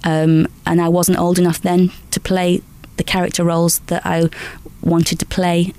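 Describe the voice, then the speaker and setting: A woman in her forties from Lancashire, England, telling lively stories in an interview as a guest actress, often restarting sentences. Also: lowish voice, measured pace. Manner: lively anecdotal storytelling, frequent restarts and small laughs. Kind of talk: chatty interview answers.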